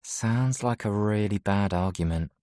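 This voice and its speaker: A man's voice: lowish voice, a little slow, a little mellow, dry recording, lightly acted. A man reading an audiobook, voicing a sarcastic teenage girl who is blunt but caring, in a dry, matter-of-fact manner. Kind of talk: audiobook character voice.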